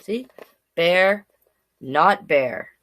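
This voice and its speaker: A woman's voice: on the low side, lively intonation, very slow, fairly bright tone, voice pushed down, full character voice. A woman voicing a grumpy male koala who is fed up with being called a bear, in a put-on Australian accent and a sing-song, rhyming storybook delivery. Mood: indignant.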